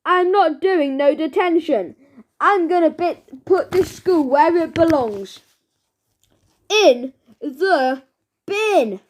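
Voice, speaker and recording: A woman's voice: extremely high pitch, expressive, takes it slowly, exaggerated voice. A woman voicing a hulking, dim-witted brute of a man who blusters and talks with bad grammar. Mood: raging.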